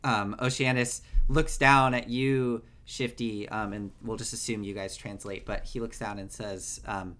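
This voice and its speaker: A man narrating a tabletop game as game master, relaxed, with many fillers. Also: on the low side, a little slow, few pauses.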